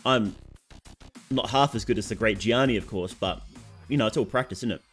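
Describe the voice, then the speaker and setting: A man's voice: fairly low pitch, a little fast, fairly bright tone, breathy edge, faint music behind. A young Australian man with a sore throat chatting casually on a game stream, reading out chat and answering it.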